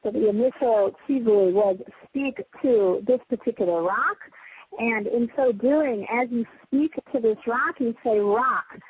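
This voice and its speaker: Woman teacher, chatty and animated Torah lesson, somewhat high voice, tinny phone recording. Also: measured pace, husky. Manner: animated, chatty, self-deprecating asides. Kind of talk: casual Torah class. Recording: tinny phone-line sound with faint noise.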